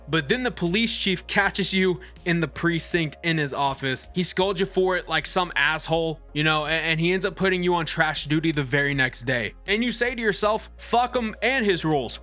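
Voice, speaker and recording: A man's voice: a little high, bright, forceful tone. A man giving blunt, irreverent, cursing commentary as he reviews a game, stumbling over restarts. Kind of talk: casual profane game commentary.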